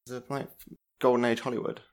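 A man's voice: mid-range voice, level tone, fast. A man hosting a casual podcast chat, talking hesitantly with lots of fillers. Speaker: podcast host.

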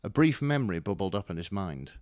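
Guy reading a story out loud, lowish voice, swings up and down a lot, dry mic. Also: very animated, fairly quick, no echo. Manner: dramatic, wry narration. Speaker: story reader. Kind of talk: expressive fan fiction reading.

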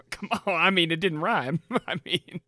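A tabletop player speaking in character and joking with the group, quick to laugh. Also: mid-range voice, sharp tone, no echo, studio quality.

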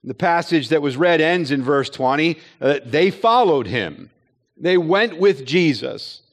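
A man's voice: fairly high pitch, animated, unhurried. A man preaching a sermon to a gathered audience, earnest and full of rhetorical questions, sometimes acting out quoted voices. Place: chapel or hall with an audience.

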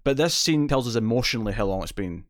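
A Scottish man in easy podcast conversation, with a steady middle pitch. He rambles a little, restarts sentences and laughs along the way. The sound is dry and close. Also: quick pace, no room sound. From Scotland. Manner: chatty, self-interrupting, laughs often. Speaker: podcast co-host. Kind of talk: casual chat.

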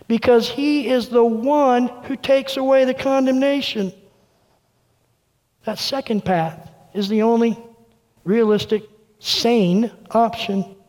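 A man pastor preaching a sermon with earnest delivery, going quiet and soft when quoting. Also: extremely high pitch. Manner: earnest preaching, dropping soft for quoted words. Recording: long reverb of a large room.

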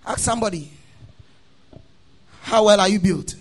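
A man preaching a sermon, chanting his lines in a sing-song cadence, calling the congregation to repeat after him, then dropping into a quieter teaching tone. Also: high-pitched, measured pace, breathy edge. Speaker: pastor.

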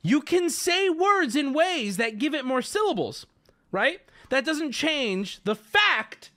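Man on a livestream, high-pitched, sharp bright voice, exasperated profane rant. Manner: exasperated, profane, argumentative ranting. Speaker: streamer.

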